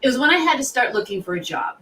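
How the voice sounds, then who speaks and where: A middle-aged woman, a guest on an interview podcast, telling stories in a lively, animated way and acting out what people said. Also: high-pitched, quick pace, recorded from a distance, rough recording. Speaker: guest, sales author and founder.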